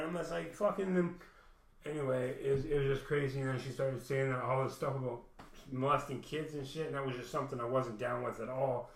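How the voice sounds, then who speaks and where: A man's voice: mid-range voice, fairly even intonation, a little fast. A man telling a personal story in a rambling, profane casual monologue, full of "man". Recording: echoey room.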